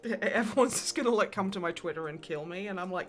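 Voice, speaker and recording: A woman's voice: on the low side, brisk, few pauses, faint music behind. A woman hosting a casual livestream, rambling and swearing freely as she chats and laughs often. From Polish family. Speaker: livestream host.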